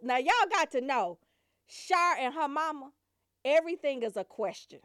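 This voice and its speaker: A woman's voice: high-pitched, moderate pace, background noise. A woman telling a funny family story in a loose, casual way, laughing often and acting out her relatives. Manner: animated, laughs often, acts out family members. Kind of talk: comic storytelling.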